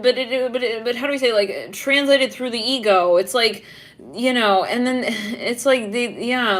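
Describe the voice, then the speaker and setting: A young woman giving a casual tarot reading, rambling with constant "like" fillers and frequent giggles. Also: mid-range voice. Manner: giggly, rambling, heavy use of "like". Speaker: tarot reader.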